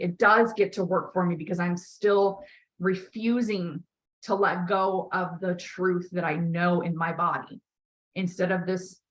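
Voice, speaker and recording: A woman's voice: lowish voice, fairly bright tone, rough recording. A woman podcast host coaching a guest in a candid conversation, talking emphatically with frequent swearing and strong emotion.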